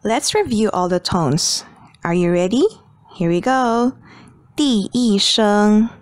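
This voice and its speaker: A woman teaching Mandarin pronunciation in a slow, clear lesson style, drawing out each tone example. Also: medium pitch, no echo, clean studio sound.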